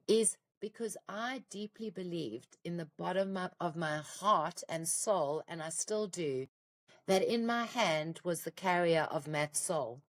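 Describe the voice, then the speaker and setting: Middle-aged woman author as a podcast guest; raw, heartfelt storytelling in a somewhat low voice. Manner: raw, heartfelt, close to tears. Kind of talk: emotional personal storytelling.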